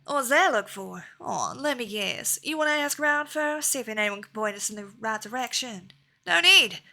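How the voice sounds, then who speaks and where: A woman's voice: a little high, animated, normal speed, creaky, bright, forceful tone, heavily acted. A woman voicing a swaggering male hunter from a video game, reading his lines in a put-on American Southern drawl with a folksy way of talking. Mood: cocky, folksy. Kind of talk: reading game dialogue aloud.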